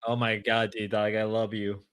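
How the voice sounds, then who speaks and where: A man hosting a live stream, reacting loudly and excitably while he chats and swears. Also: fairly low pitch, measured pace, clean tone. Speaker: streamer host. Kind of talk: casual live-stream chat.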